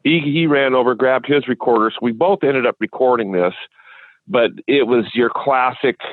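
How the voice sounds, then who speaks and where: A man from Washington State, a guest in an interview, telling a long rambling story with halting restarts. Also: medium pitch. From Washington State, USA. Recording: dry, tinny phone line.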